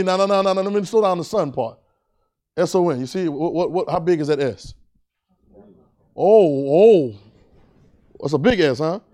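A man's voice: a little high, darkish tone. Dynamic call-and-response preacher man. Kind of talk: sermon.

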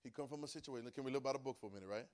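Dialect-speaking preacher swinging from soft to loud. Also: male voice, mid-range voice, rapid-fire. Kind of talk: sermon.

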